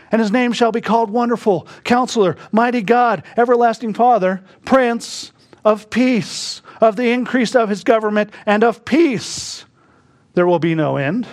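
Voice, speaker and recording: A man preaching a sermon, moving between quiet, hushed reflection and sudden bursts of emphasis. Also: extremely high pitch. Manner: slow, reflective preaching that drops to a hush and rises to bursts of emphasis. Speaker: pastor.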